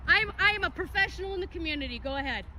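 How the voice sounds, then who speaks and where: A woman's voice: very high-pitched, expressive, very fast, sharp tone, a little hiss or hum. A middle-aged woman filming agents on her phone on a city street, lecturing them indignantly. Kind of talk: street confrontation. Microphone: phone camera.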